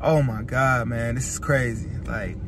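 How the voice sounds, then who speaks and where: A man vlogging casually from inside a car, excited and repeating himself as he teases an announcement to his viewers. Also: medium pitch, unhurried. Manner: excited, repetitive, keeps teasing an announcement. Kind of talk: casual vlog to camera. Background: faint car noise.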